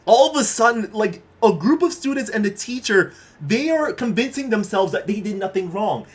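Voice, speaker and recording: A man's voice: sits high, expressive, moderate pace. A man casually recapping a horror manga in laid-back, slangy speech that is full of fillers and the odd swear word.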